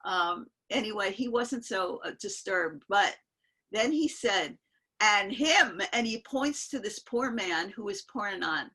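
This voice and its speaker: An older woman with a bright, forceful tone and a husky edge, telling a long story on a video call. She wanders, restarts her sentences and chuckles between the lines. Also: mid-range voice, unhurried, rough recording. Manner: rambling, self-interrupting, laughs while telling. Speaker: guest storyteller. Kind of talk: casual spoken storytelling.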